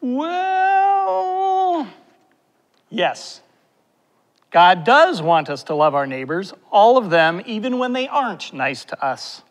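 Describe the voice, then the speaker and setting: A man's voice: very high-pitched, sing-song, takes it slowly, full character voice. A man voicing a cheerful, wise male puppet in a children's church skit, bouncy and reassuring. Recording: long hall reverb.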